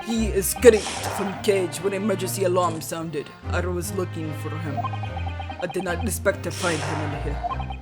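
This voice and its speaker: A woman voicing a gentle, blunt young woman in broken English over game music. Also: fairly low pitch, fairly even intonation, close to an everyday voice. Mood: earnest. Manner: broken English, slow and deliberate.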